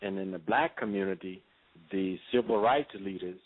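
This radio interview guest talks in a measured, preacherly way, pausing often and using plenty of fillers. His voice is fairly low, and the sound is thin and narrow, as if coming through a phone.

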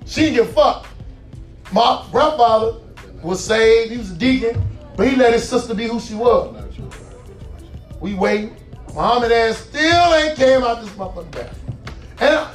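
A man in his forties telling a profane stand-up story, animated and laughing as he goes. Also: very high-pitched, normal speed, long pauses. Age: 40s. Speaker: stand-up comedian. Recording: roomy hall, distant mic, faint music.

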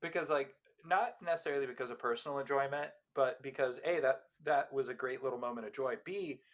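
A man's voice: mid-range voice, quick pace, a bit bright. Chatty man in his late twenties. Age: late 20s. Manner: laughs often, rambling with restarts. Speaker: podcast co-host. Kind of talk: casual chat.

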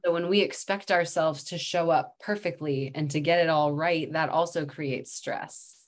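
Brief: woman in her thirties, low voice, calm reflective podcast guest who laughs often. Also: moderate pace. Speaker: guest, somatic practitioner. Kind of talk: casual podcast interview.

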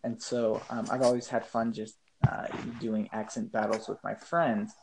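A man's voice: on the low side, little pitch movement, moderate pace, gravelly, background noise. A man chatting casually as a podcast guest, hesitant and full of ums and uhs. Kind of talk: casual chat.

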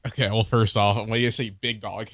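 A man returning as a guest on a casual gaming podcast, excitable and slangy, saying "dude" often. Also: on the low side, moderate pace, no echo, clean studio sound.

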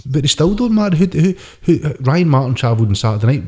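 A man's voice: on the high side, very animated, fast, a little mellow, slightly rough. A man co-hosting a podcast, chatting and ranting about boxing with lots of swearing. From United Kingdom. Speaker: podcast co-host. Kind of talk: casual boxing chat.

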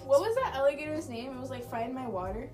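A woman's voice: high voice, sing-song, fast talker, music in the background. A young woman co-hosting a podcast in casual chat, giggly and playful, often breaking into laughter and little songs. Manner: giggly, playful, sings and jokes. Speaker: podcast co-host.

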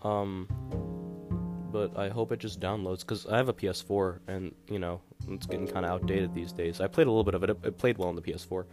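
A young man with a deep, low voice chats through a casual podcast monologue. He rambles and sounds exasperated, leaning on fillers. Guitar music plays clearly underneath him. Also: fairly even intonation, fairly quick. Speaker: podcast host.

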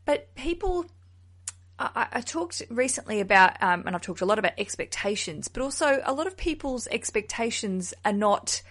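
An animated woman hosts a podcast, chatting casually and laughing at herself. Her voice sits a little high. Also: moderate pace. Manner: animated, laughs often, self-deprecating. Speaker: podcast host. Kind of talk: casual chat.

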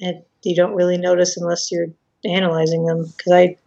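A woman's voice: lowish voice, completely flat delivery, a little fast, gravelly, crowd noise. Female podcast co-host, casual and chatty, slightly muffled mic. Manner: chatty, laughing, acts out quotes. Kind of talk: casual chat.

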